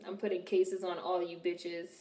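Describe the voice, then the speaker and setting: With a warm, fairly low voice, little pitch movement, and normal speed, a young Washington, D.C. woman hosts a film reaction video. The commentary is casual, blunt, and laced with profane wisecracks, and the room is roomy and echoey.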